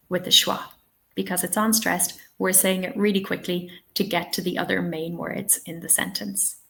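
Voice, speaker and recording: A woman's voice: on the low side, flat delivery, normal speed, creaky, a bit bright. A woman hosting a live webinar, patiently answering questions and giving spoken examples. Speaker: English teaching trainer.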